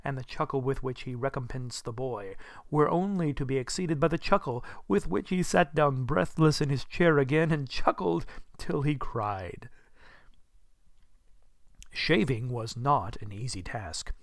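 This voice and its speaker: A man narrating a classic story in an expressive, storytelling manner. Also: mid-range voice, dry recording, studio quality. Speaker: audiobook narrator. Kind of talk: scripted narration.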